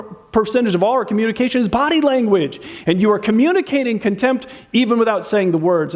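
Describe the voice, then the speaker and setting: A man's voice: high-pitched, darkish tone. A man preaching a sermon in a conversational way, asking the audience questions and acting out insulting quotes. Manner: acts out insulting quotes in changed voices. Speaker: pastor.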